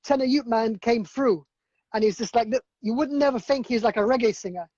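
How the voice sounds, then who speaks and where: A man's voice: extremely high pitch, a little fast, a little mellow, no echo, dull audio. A man, a DJ and producer, chatting casually on a livestream, rambling through stories with lots of fillers and restarts. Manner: rambling, filler-heavy storytelling. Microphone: video call.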